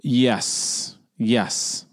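A man's voice: mid-range voice, extremely slow. A man co-hosting a podcast, chatting casually and playfully, often laughing. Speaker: podcast co-host. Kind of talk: casual chat.

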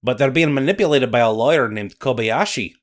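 A man's voice: medium pitch, a little fast, close to an everyday voice. A man voicing a sly male Loch Ness monster with a put-on Scottish accent, telling a tale in a dramatic, theatrical way for a comedy podcast bit. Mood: dramatic storytelling. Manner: dramatic narrating, rolled-up storytelling.

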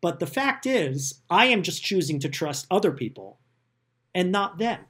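A man's voice: high voice, very animated, moderate pace, fairly bright tone, breathy edge. A man hosting a podcast, talking in a casual, sarcastic and self-deprecating way about politics. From United States. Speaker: podcast host.

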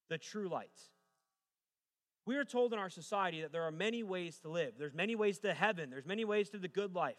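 A man's voice: on the high side, lively intonation, brisk. A young adult man preaching a sermon as pastor, moving from joking storytelling to emphatic preaching. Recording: long reverb of a large hall.

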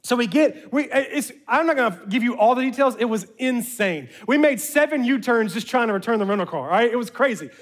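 A man telling a personal story in a lively way, often turning to ask his listeners if they follow him. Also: very high voice, brisk, hardly any pauses. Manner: lively, addresses listeners directly.

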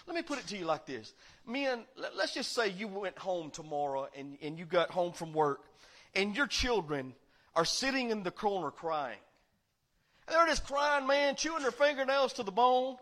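A man preaching a sermon as pastor, swinging between loud proclaiming and quiet, confiding asides. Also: sits high, expressive, moderate pace. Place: church sanctuary.

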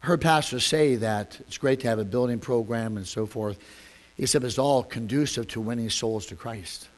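A man preaching a sermon as a pastor, telling a story with animated rhetorical questions. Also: medium pitch, moderate pace. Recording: long echoey hall reverb.

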